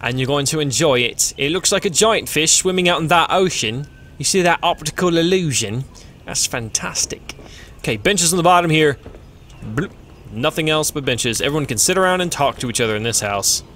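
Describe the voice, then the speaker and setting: A man hosting a let's play, giving casual, excitable gameplay commentary and mocking himself when things go wrong. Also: fairly high pitch, normal speed, a little hiss or hum. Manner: excitable, self-mocking, swears when frustrated.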